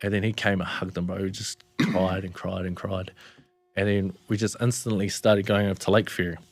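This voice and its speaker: A man's voice: sits low, flat delivery, moderate pace, dry recording. A young man with a New Zealand accent, a podcast guest telling a personal story in a laid-back way, swearing and calling people "bro". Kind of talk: casual storytelling.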